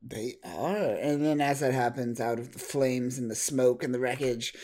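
A man co-hosting a casual chat, recapping a story with animated energy. He leans on fillers and slips into quick impressions of the characters. His voice sits in an ordinary middle range. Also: medium pitch. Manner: animated retelling with lots of fillers and acted quotes. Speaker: podcast co-host.

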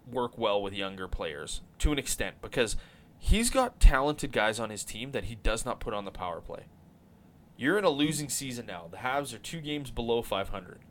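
Animated, rambling male podcast host. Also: mid-range voice, slight background noise. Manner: animated, rambling, swears casually. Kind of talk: casual chat about hockey.

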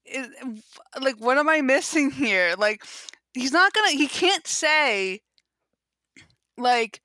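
Bright-voiced young woman chatting casually. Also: high voice, expressive, slow, no echo. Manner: rambling, lots of "like" fillers, recaps a show. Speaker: podcast co-host. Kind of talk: casual chat.

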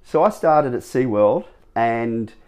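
A man, telling his stories as an interview guest, rambling and animated with many restarts. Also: medium pitch, takes it slowly, smooth. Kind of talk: casual storytelling interview.

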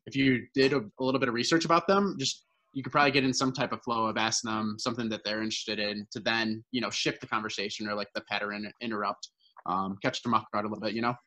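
A man with a bright, tense voice talks fast, adding tips in a casual panel chat and hedging with fillers along the way. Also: lowish voice, fairly even intonation, low-quality recording. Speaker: sales panelist.

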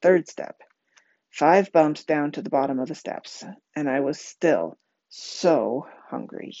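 A woman reading a novel aloud in a calm, even voice and giving the characters quiet voices. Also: low voice, measured pace, no room sound. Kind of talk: storybook reading. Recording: dull, lo-fi home recording.

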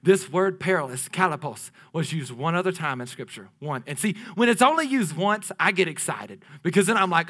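A man preaching a sermon, lively and playful, swinging from loud declarations down to hushed near-whispers. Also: sits high, moderate pace, hardly any pauses. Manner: playful asides with laughter to the congregation.

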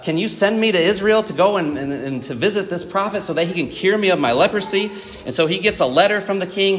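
A man's voice: fairly high pitch, fairly bright tone. A man preaching a morning sermon in a church, talking to the congregation in a conversational way and often asking "right?". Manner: conversational, with frequent "right?" asides and acted quotes.

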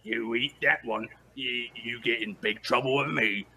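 A man playing a bugbear brute, slow, blunt broken grammar, bright edgy tone. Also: mid-range voice, steady tone, slight background noise. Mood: bossy. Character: bossy male bugbear chieftain.

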